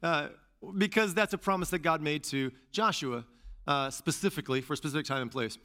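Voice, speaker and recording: A man preaching a sermon as pastor and teacher, repeating key phrases and rising to loud stresses. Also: on the high side, lively intonation, fairly quick.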